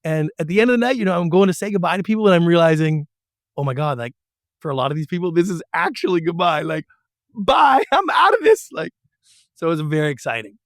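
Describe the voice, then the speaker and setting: A man's voice: on the high side, fast, dry recording, studio quality. A middle-aged man telling stories in an interview about his years as a TV producer and slipping into voices to act out what people said. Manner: animated storyteller who acts out quotes. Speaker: guest, former TV producer. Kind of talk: storytelling interview.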